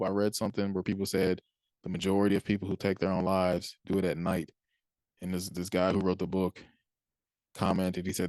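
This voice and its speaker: Man, deep low voice, casual faith talk, dry close sound, playful quoted reactions. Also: a little mellow, no echo. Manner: conversational, acts out quoted reactions, chuckles often. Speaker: Christian speaker.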